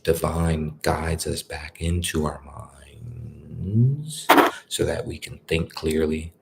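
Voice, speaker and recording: Speaking slowly in a creaky bass voice over a noisy background, a male spiritual speaker talks casually and repeats himself. His grammar is colloquial, and he keeps asking his listeners "you feel me."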